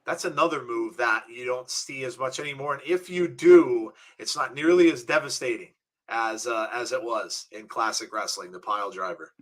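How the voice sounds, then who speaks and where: A man co-hosting a wrestling watch-along, calling the action play by play and chatting casually, shouting at the big moments. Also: medium pitch, moderate pace. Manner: excitable, calls the action and shouts at big moves. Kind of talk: live play-by-play and casual chat.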